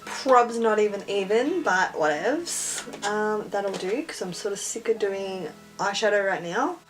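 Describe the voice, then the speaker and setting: A woman's voice: mid-range voice, unhurried, over music. A young woman chatting casually and self-mockingly through a makeup tutorial. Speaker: beauty vlogger.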